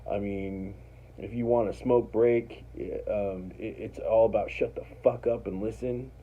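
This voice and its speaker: A man's voice: fairly low pitch, measured pace, narrow, tinny audio. A man casually telling a personal story, rambling and profane, acting out what others said. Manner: rambling, profane, animated retelling with quoted voices.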